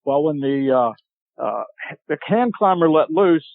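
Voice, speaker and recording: A man with a slightly raised voice tells a hunting story, animated and chatty, and acts out the shouts of his friends. His voice comes through a dry, narrow, phone-like connection. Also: a little high, a little slow, vocal fry, dry recording. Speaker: podcast guest. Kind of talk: storytelling in a casual chat. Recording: tinny phone-like line, dry.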